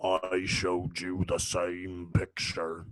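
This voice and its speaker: A big tattooed pit fighter, put on by a man in a tabletop game, speaks with calm formality. His delivery is very slow and measured, pitched a little low with a bright edge. Every word sounds stately. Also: dry recording, heavily acted.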